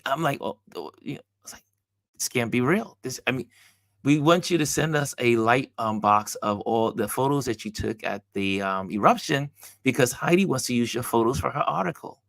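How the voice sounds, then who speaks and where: A man with a gravelly, creaky voice hosts a motivational talk, telling a personal story with lively, acted-out dialogue. The recording is close and dry, with no room echo. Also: medium pitch. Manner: animated storyteller acting out dialogue. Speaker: host.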